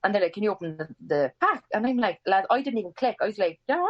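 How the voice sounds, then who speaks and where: With the high frequencies cut off, the clip features a fast-talking woman in her twenties from Ireland, a podcast guest sharing a story casually. She's animated and swears a lot, acting out quoted dialogue with large jumps in pitch.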